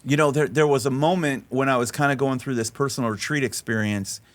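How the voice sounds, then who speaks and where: A man speaking on a podcast, telling a story in an animated way and repeating words as he restarts his sentences. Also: fairly quick. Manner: animated storyteller, voice rising high when acting out quotes. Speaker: faith-based life coach and podcast guest.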